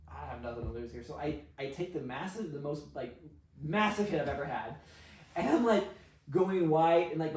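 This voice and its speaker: A man, a podcast guest, telling an animated story, acting out quotes with frequent laughs and fillers. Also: a little high. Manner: excitable, acts out quotes, laughs often, filler-heavy. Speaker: podcast guest, sexual healer. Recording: roomy, distant from mic.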